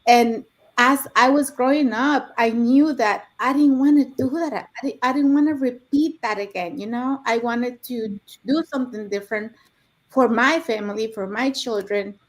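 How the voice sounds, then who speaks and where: A woman with a slightly higher voice speaks as a guest in an online session. She tells her personal story earnestly and reflectively, often repeating words as she searches for them. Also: moderate pace.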